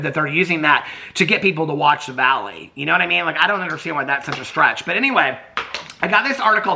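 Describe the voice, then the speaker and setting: A man's voice: high voice, gravelly, bright, forceful tone. A man with a Southern accent, a YouTube host rambling through casual gossip commentary, trailing off and restarting often.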